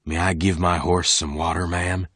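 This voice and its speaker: A man voicing a big, quiet gunman from Texas who speaks slowly and politely. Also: low voice, flat delivery, husky, no room sound. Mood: calm.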